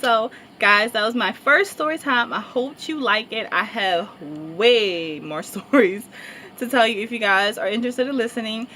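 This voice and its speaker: A young woman with a slightly high voice tells a casual, rambling storytime to her viewers, loaded with fillers. A faint hiss of noise sits under her voice. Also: normal speed, pushed and bright. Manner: chatty, rambling, lots of fillers and laughter. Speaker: vlogger.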